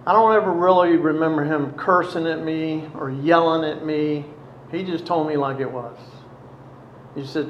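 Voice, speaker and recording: A man tells his own past in a halting, reflective way, pausing often. His voice sits a little high. The recording is roomy and slightly muffled, with faint ambience behind him. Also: fairly even intonation, slight background noise. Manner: halting, reflective, many pauses. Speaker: storyteller recounting past addiction. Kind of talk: personal testimony.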